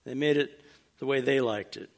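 A man's voice: mid-range voice, moderate pace, gravelly. A man preaching a casual, plainspoken sermon, dropping in wry humorous asides as he teaches. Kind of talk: conversational sermon.

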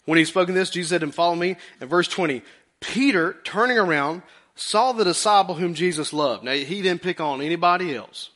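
A male pastor preaching a folksy, animated sermon, acting out quotes in a high put-on voice. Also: brisk.

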